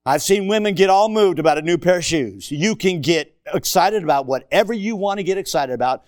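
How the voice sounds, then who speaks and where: Lively, dynamic male preacher. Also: high voice, brisk, dry recording, studio quality. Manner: dynamic preaching, swinging from shouts to hushed asides; conversational, joking with the congregation. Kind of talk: sermon. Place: church sanctuary.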